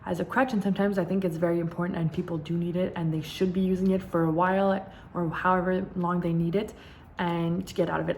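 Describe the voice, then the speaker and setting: A young woman talks candidly to her camera, leaning on repeated words for emphasis. Her voice sits a little low for a woman, and a faint noise floor hums under the recording. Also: a little mellow. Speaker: vlogger. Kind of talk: casual personal storytelling.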